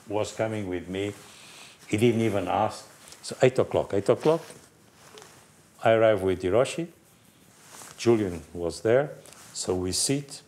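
An older man from Portugal with a Portuguese accent, animatedly telling racing anecdotes in halting, restarting speech. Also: on the low side, a little mellow. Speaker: guest storyteller, former racing team manager.

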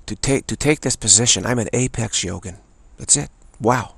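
A man giving an earnest spiritual teaching talk, repeating phrases and softly chanting a mantra. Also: medium pitch, moderate pace, gravelly, slightly rough, dry recording.

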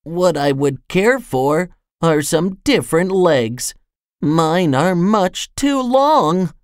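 A narrator doing a slow, mournful very tall storybook man. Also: medium pitch, very animated, clear, resonant tone, no echo, studio quality, pitched above the performer's own voice. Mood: gloomy. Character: very tall, gloomy male storybook character. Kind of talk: storybook reading.

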